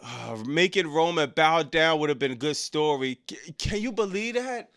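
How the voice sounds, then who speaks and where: Reading viewer chat out loud on his live wrestling reaction stream, this man talks at a moderate pace. His mood flips from loud excitement to low, frustrated muttering, and his slangy lines often close with "bro" or "dog".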